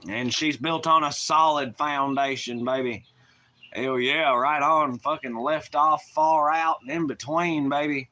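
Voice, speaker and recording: A man's voice: fairly high pitch, fairly even intonation, a little slow, bright, forceful tone. A man with a Southern US accent chatting casually on a live stream, rowdy and profane, rambling in folksy slang.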